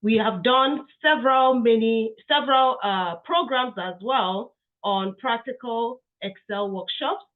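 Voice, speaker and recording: A woman who founded a tech community gives a workshop talk while under the weather, inviting and warm, with frequent fillers. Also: fairly high pitch, a little slow. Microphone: video call. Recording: tinny phone-like call audio.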